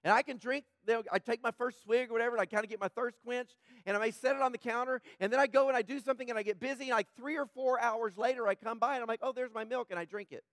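A man with a high, slightly rough voice preaches to his congregation. He stays conversational, drifting into joking asides. The sound is dry and close, with no room around it. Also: fairly even intonation, rapid-fire, hardly any pauses, a bit bright, no echo. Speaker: pastor. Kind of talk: sermon.

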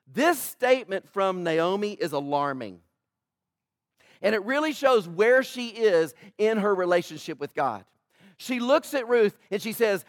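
High-voiced male pastor preaching emphatically. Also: sing-song, moderate pace, no echo, studio quality. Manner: emphatic preaching with swings between loud build-ups and hushed asides; addresses the congregation directly, calling for responses. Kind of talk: sermon. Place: church, in front of a congregation.

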